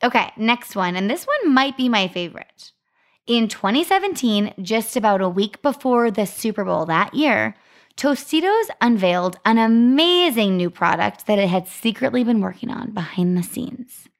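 A woman's voice: on the high side, very animated, normal speed. Upbeat young woman telling a story. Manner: upbeat storytelling, reads out marketing facts. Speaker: podcast co-host. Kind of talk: casual chat.

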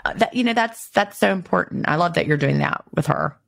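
A woman's voice: lowish voice, expressive, fairly quick, vocal fry. A middle-aged woman co-hosting a podcast, chatting and reading listener tips aloud. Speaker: podcast co-host. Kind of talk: casual chat.

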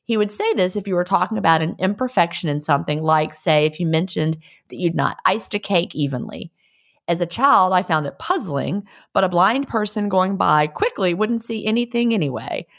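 A woman's voice: fairly low pitch, lively intonation, moderate pace, a bit bright. A woman co-hosting a casual chat, reading listener letters and playing with quirky phrases. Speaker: podcast co-host.

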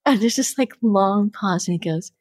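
A middle-aged woman, a podcast guest telling stories with lively energy and acting out the voices in them. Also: mid-range voice, moderate pace, no room sound, studio quality. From New York. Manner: lively, acts out the voices in her stories, laughs often. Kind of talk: animated storytelling.

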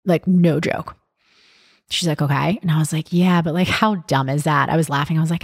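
A woman's voice: deep voice, animated, brisk, creaky, no room sound, studio quality. A young adult woman hosting a podcast, talking candidly and casually with lots of fillers and swearing. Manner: candid, profane, chatty with many fillers. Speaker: podcast host.

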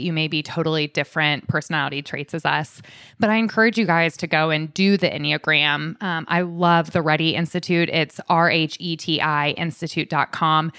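A woman's voice: low-pitched, fairly bright tone, smooth, no room sound, clean studio sound. A woman co-hosting a podcast, telling stories in an upbeat, casual way and acting out quoted dialogue. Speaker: podcast co-host. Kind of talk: casual chat.

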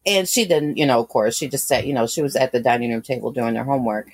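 A woman in her thirties recounts a painful personal story in a long, rambling, candid way, full of fillers and restarts. Her voice sits very low. The recording is dry and close, with no room sound. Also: fast talker, darkish tone, slightly rough, dry recording. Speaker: guest.

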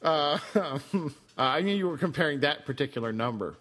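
Laughing podcast guy, teasing, bright sharp voice, some room echo. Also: fairly high pitch, moderate pace. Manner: animated, laughs often, teasing. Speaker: podcast co-host. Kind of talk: casual film discussion.

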